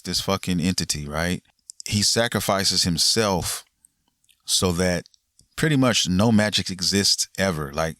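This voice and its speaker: A man's voice: low-pitched, fairly bright tone, no room sound, clean studio sound. A man hosting a gaming podcast, casually recapping a game's ending in a laid-back, rambling way with lots of fillers and swearing.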